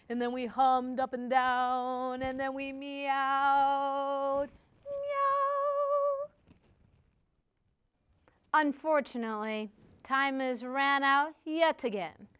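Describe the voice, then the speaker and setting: A woman's voice: high voice, a bit bright, clear, resonant tone. A woman hosting a playful singing lesson, encouraging listeners and demonstrating with hums and cat sounds. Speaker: music teacher and show host. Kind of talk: kids-style singing lesson.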